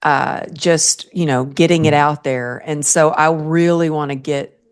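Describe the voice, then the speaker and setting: A woman hosting a podcast interview, telling a story in an earnest, animated way and laughing often. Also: deep voice, unhurried, clear, resonant tone. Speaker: podcast host.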